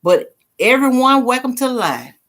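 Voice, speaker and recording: A woman's voice: high-pitched, sing-song, moderate pace, a bit bright. Chatty middle-aged woman. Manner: chatty, laughs easily, reads comments aloud. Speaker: livestream host. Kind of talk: casual live chat with viewers.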